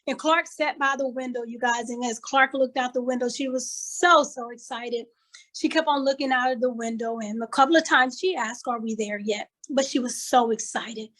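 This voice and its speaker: An older woman from Kansas City, USA, gives a motivational talk as a conference speaker, heard over a video call with poor audio. She tells a story using emphatic, repeated phrases like a preacher. Her voice sits high and is fairly bright, at a normal speed.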